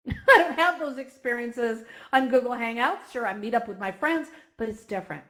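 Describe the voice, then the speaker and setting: A woman speaking warmly and effusively to an online community gathering. She sounds emotional, at times near tears, and talks with lively animation. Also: fairly high pitch, normal speed. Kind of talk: heartfelt speech at a virtual reality gathering.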